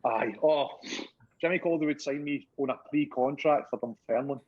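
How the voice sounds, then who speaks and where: A man's voice: medium pitch, normal speed, slightly rough, phone-quality sound. A middle-aged Scottish man, a former footballer, telling stories in casual chat, laughing and swearing often. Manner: laughing, swearing, animated anecdote-teller.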